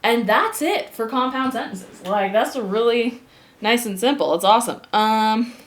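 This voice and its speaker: A woman teaching a grammar lesson with upbeat, animated energy and quick bursts of excitement. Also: on the high side. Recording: echoey room.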